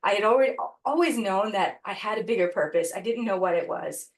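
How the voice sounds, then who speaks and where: A woman guest on an interview podcast, telling a personal story in an earnest, reflective way with pauses and restarts. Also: medium pitch, lively intonation.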